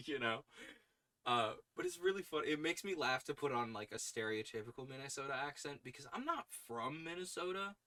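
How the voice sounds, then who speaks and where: A man's voice: medium pitch, animated, moderate pace, bright, forceful tone. A young man with a Long Island accent, hosting a casual livestream, laughing often while trying out accents. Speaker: podcast host.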